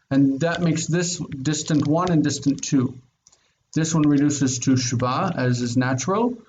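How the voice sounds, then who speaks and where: A man teaches Hebrew grammar over a call, his voice sitting a little high for a man as he spells out each form patiently and repeats it. He keeps checking in with his students. The sound is dull and lo-fi, with a faint hiss underneath. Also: a little mellow. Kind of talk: online grammar lesson.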